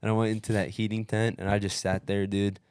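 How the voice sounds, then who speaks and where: A podcast co-host with a fairly low, clear, resonant voice talks fast, recounting his race. He swears freely, calls people dude and bro, and acts out what others said in a lively retelling. The recording is dry and studio quality.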